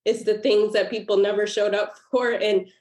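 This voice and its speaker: A woman's voice: medium pitch, flat delivery, moderate pace, a little mellow. A woman guest author telling a personal story in a podcast interview, earnest and emotional. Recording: roomy echo.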